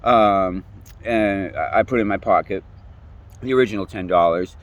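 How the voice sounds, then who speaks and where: A young man tells his own story in a casual rant, swearing often, repeating himself, rambling, and trailing off mid-sentence. He has a deep voice and a moderate pace. The audio sounds dull.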